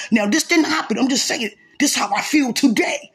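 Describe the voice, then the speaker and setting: A woman preaching a fervent sermon, repeating phrases and bursting into shouts. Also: high voice, brisk, few pauses, slightly rough. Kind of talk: impassioned sermon.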